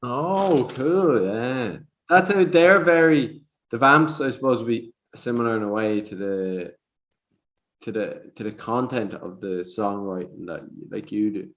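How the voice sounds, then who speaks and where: A man's voice: medium pitch, measured pace. A man hosting a podcast, chatting casually and laughing easily. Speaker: podcast host.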